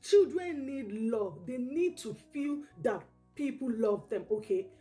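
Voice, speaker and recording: A woman's voice: fairly high pitch, animated, slow pace, dark tone, faint music behind. A woman giving parenting advice straight to camera, earnest and repetitive, checking in with her listeners by saying "okay?" again and again. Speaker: parenting educator.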